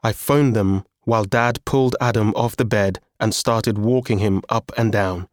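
A man reading a chapter of a novel aloud in first-person narration, at a measured pace. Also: lowish voice, fairly even intonation, no room sound, clean studio sound. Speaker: audiobook narrator.

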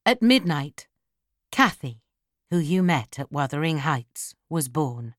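In clean studio sound with no room sound, a low-pitched woman reads an audiobook. Her storytelling is even and measured.

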